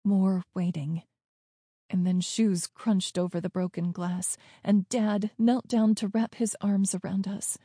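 A woman reads a first-person story slowly, with a soft, breathy edge. Her telling is tense and hushed. The sound is dry and close, with no room around it. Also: mid-range voice, steady tone, no room sound. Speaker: audiobook narrator.

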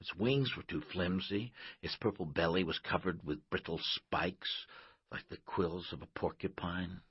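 A man narrating an audiobook in a measured, expressive way, in a slightly muffled recording. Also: sits low, husky, no room sound.

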